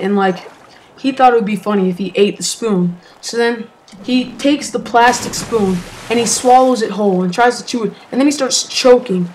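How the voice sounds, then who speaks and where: A woman's voice: medium pitch, darkish tone, a little hiss or hum, low-quality recording. A woman telling a casual story in a chatty way, full of fillers.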